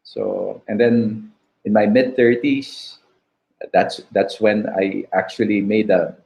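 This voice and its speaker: A man in his fifties with a Filipino English accent, sharing a personal testimony in an interview, reflective and halting. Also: on the low side, fairly even intonation, creaky, a little mellow, rough recording. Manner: slow and reflective, halting restarts, "diba" tags. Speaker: guest.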